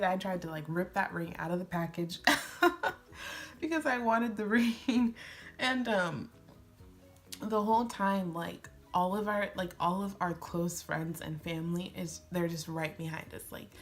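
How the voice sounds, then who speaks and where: A woman in her twenties chatting excitedly while doing a makeup tutorial, gushing and giggling as she tells a story. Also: mid-range voice, unhurried, faint music behind. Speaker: beauty vlogger.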